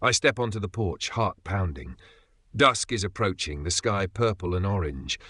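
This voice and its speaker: A man's voice: sits low, animated, normal speed, pushed and bright, dry recording. A man giving tense, dramatic first-person narration of a thriller story. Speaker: narrator voicing the father.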